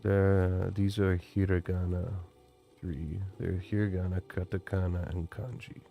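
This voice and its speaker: A man's voice: low voice, flat delivery, a little slow, vocal fry, phone-quality sound. A Canadian man hosting a gameplay video, chatting casually, explaining things and laughing often. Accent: Canadian English. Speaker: gaming channel host.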